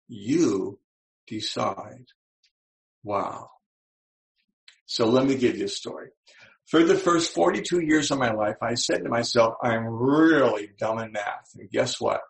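An older man in his seventies gives a motivational talk with a gravelly voice. He tells stories and slows down to stress his key points. The sound carries a roomy echo. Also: medium pitch. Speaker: speaker.

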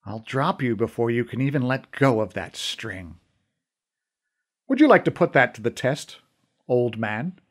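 A man's voice: mid-range voice, sing-song, unhurried. A man narrating an audiobook voices an ancient male weapons master who taunts in a dry, matter-of-fact way. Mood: taunting.

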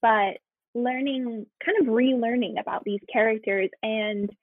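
An American woman working in theme park entertainment, chatting in an interview, self-deprecating and quick to laugh. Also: fairly high pitch, steady tone, husky, dry recording. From United States. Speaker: guest, theme park entertainment cast member. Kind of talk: casual interview. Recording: tinny phone-like line.

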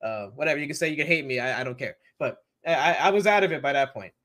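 A man's voice: fairly high pitch, animated, quick pace, fairly bright tone. A man co-hosting a podcast in casual chat, teasing and stammering, repeating himself as he poses questions. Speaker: podcast co-host. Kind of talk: casual wrestling recap chat.

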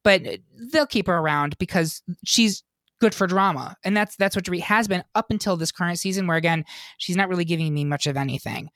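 A man hosting a podcast in casual chat, opinionated and quick, often restarting his sentences. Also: sits high, a bit bright, dry recording, clean studio sound. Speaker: podcast host.

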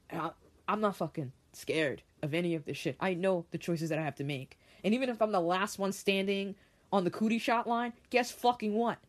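With a medium-pitched voice, a woman runs a podcast by herself, working through an article out loud and firing off profane, heated commentary while repeating herself for emphasis.

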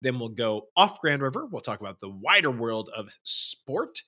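A man's voice: mid-range voice, sing-song, normal speed, few pauses, pushed and bright. A man co-hosting a casual sports podcast, dryly teasing the host. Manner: teasing, dry ribbing of the host.

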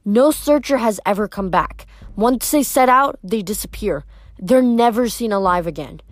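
A woman's voice: mid-range voice, animated, moderate pace, no echo, clean studio sound, close to an everyday voice. A woman voicing an earnest, wistful young male satyr in a read-aloud novel. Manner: earnest, indignant about pollution.

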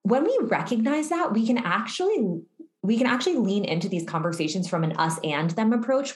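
A woman researcher speaks earnestly and fluently in long sentences. Her voice is fairly low. It carries a roomy echo around it. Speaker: researcher guest. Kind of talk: explanatory interview answer.

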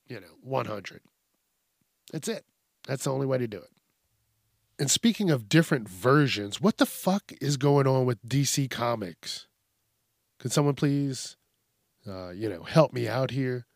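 A man's voice: medium pitch, creaky, no echo, clean studio sound. A man hosting his own podcast, ranting in a blunt, profane, rambling way. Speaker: podcast host. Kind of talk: casual monologue.

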